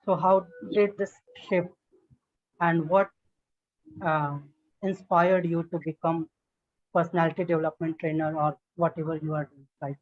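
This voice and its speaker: A man's voice: fairly high pitch, little pitch movement, normal speed, long pauses, highs cut off. A man practicing spoken English in an online lesson, talking hesitantly with restarts and "I mean"s. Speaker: English learner. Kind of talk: online one-on-one speaking lesson. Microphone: video call.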